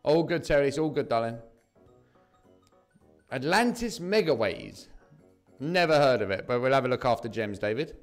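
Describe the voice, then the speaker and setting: A laid-back young man with an English accent chats with his viewers, his pitch bouncing up and down all through. Faint music plays behind him. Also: lively intonation, normal speed, long pauses. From southeast England. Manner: laid-back, chatty, calls viewers mate and bro. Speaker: slots streamer. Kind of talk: casual live-stream chat reading viewer messages.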